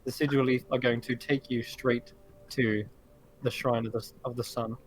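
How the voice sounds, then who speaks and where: A man's voice: mid-range voice, level tone, normal speed. Man narrating as game master. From Britain.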